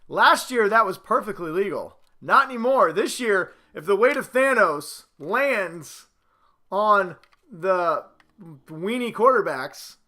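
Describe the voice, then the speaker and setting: A man hosting a casual sports vlog at home, boastful, excitable and rambling as he talks to the camera. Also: high-pitched. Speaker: host.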